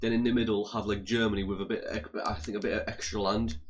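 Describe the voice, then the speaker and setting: Streamer type: young man, lowish voice, heated profane rant, repetitive. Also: flat delivery, quick pace, slight background noise, low-quality recording. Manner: profane, repetitive, stumbling over words.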